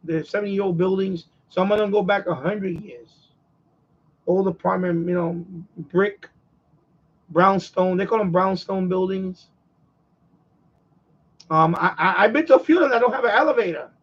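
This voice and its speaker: Man, New York accent, casual repetitive chat, husky, muffled lo-fi sound. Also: high-pitched, moderate pace, pauses often. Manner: repetitive, conversational, chuckles often. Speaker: radio hobby live streamer.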